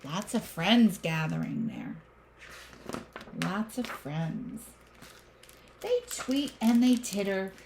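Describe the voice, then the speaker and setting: A woman teacher reading a picture book aloud to young children, expressive with gasps and exclamations. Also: mid-range voice, slow, long pauses, a little hiss or hum.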